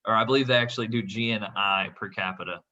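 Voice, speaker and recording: A man's voice: lowish voice, steady tone, fast, bright, forceful tone, dull audio. A man hosting a podcast, chatting casually about economics in a friendly way with frequent restarts. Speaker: podcast host.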